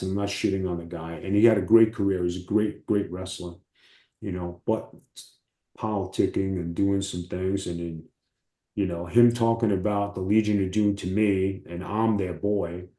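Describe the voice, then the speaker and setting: A man, a former wrestler, telling profane, animated stories as an interview guest. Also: low-pitched, normal speed, reverberant. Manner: animated, profane storytelling with acted quotes. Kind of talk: casual storytelling.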